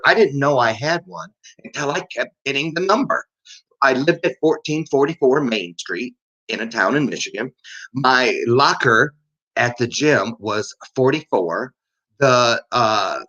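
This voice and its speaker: A man's voice: mid-range voice, a bit bright, muffled recording. A man hosting a casual live stream, chatty and upbeat, rambling from one story to the next. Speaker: host.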